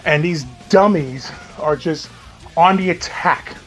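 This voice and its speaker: A man with a high voice rants through a reaction commentary, sarcastic and mocking, swearing freely and laughing at his own jabs. Faint music plays underneath. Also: takes it slowly. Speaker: commentary YouTuber. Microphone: home recording, off camera.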